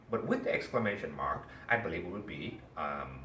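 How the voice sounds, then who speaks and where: A man's voice: deep voice, moderate pace, few pauses. A man teaching a class, telling a story and asking his students questions. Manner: animated, asks the class questions. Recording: echoey room, mic far off, faint ambience.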